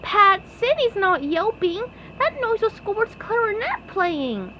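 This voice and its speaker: SpongeBob, a woman doing a squeaky eager sponge. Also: big pitch swings, takes it slowly, sharp tone, slight background noise, exaggerated voice, rough recording. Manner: squeaky and earnest, stammers when scared. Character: cheerful eager young male sea sponge detective.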